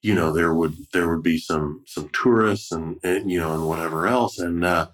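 A man's voice: low-pitched, moderate pace, fairly bright tone. A man hosting a podcast, talking casually and rambling with many fillers and restarts. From United States. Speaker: podcast host. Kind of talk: casual conversation.

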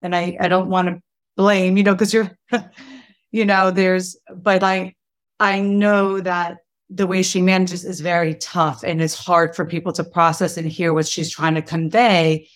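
Woman in a Q&A, earnest, stops and restarts, lower-pitched voice. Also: little pitch movement. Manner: earnest, halting, searches for words. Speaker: audience member asking a question. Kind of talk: casual conversation.

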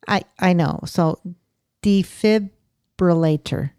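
Woman podcast co-host, slightly low voice, laughs at herself, dry close mic. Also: moderate pace, a little mellow, no room sound. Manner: giggly, self-deprecating. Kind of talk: casual chat.

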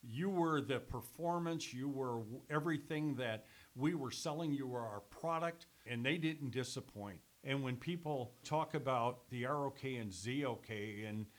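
An older man, a former radio sales executive and sports announcer, telling stories in casual conversation as a lively storyteller who swears casually. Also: mid-range voice, moderate pace, hardly any pauses. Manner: animated storyteller, swears casually, laughs through anecdotes. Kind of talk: casual reminiscing chat.

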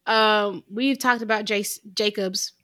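A woman's voice: mid-range voice, steady tone, slow, bright, forceful tone. Playful young woman podcast co-host. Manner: playful teasing, laughs easily. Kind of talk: casual film review chat.

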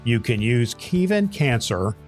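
A man hosting a podcast, talking earnestly and telling a story in a drawn-out way. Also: medium pitch, sing-song, a little mellow, faint music behind. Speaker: podcast host, doctor. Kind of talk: podcast talk and joke telling.

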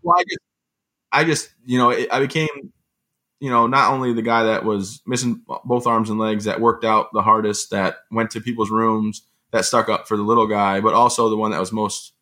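A man telling stories as an interview guest, in an animated, rambling conversational way. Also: on the low side. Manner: fast, animated storytelling with rambling asides. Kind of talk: conversational storytelling.

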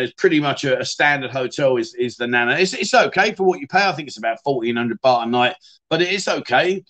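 A man's voice: mid-range voice, fairly bright tone. A middle-aged man, hosting a casual livestream and chatting through viewer comments in a rambling way, often repeating words and restarting sentences. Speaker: livestream host.

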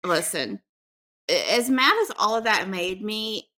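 A woman co-hosting a casual podcast chat, emotional and animated, laughing often. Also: mid-range voice, a little slow. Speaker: podcast co-host.

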